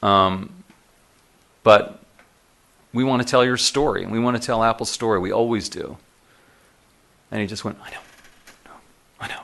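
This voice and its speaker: Bright-toned man telling animated stories. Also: on the low side, normal speed, gravelly, pauses often. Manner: animated anecdotes, often laughing while telling them. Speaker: speaker telling stories to an audience. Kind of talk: storytelling talk to a live audience. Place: lecture room with audience.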